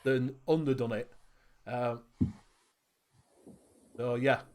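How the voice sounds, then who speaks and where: A man's voice: medium pitch, fairly even intonation, slow, darkish tone. A man hosting a livestream, rambling and chatty, laughing often, on a video call. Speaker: host. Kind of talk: casual livestream chat.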